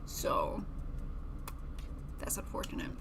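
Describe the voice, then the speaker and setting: A woman's voice: takes it slowly, fairly bright tone, a little hiss or hum. A young woman streamer chatting casually and self-deprecatingly while building a model kit, laughing often.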